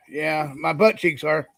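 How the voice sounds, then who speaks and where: Gravelly man joking around. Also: fairly high pitch, slow, no echo. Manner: joking, stammering.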